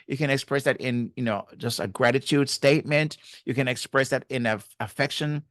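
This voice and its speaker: A man's voice: medium pitch, brisk, fairly bright tone, no room sound, clean studio sound. A man giving faith-based marriage advice in an earnest way, repeating key phrases and using many fillers.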